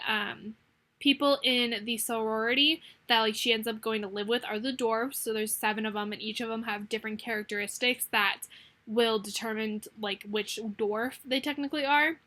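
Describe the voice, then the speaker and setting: A young woman narrating her planner spreads in a casual, rambling voice-over, talking fast and hyper from caffeine. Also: on the high side, pushed and bright. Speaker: planner vlogger.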